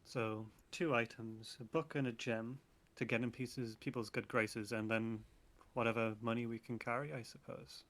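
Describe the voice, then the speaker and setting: A man's voice: medium pitch, fairly even intonation, normal speed, hardly any pauses, a bit bright. A man playing a tabletop game, easygoing and thinking aloud. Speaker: player. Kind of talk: casual tabletop play.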